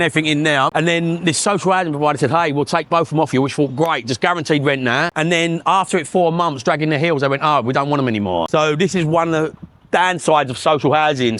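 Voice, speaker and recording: Fast-talking Northern English property vlogger. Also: male voice, on the high side, a bit bright, slight background noise. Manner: blunt, swears, chatty storytelling. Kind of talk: walking-tour vlog. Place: outdoors on a street.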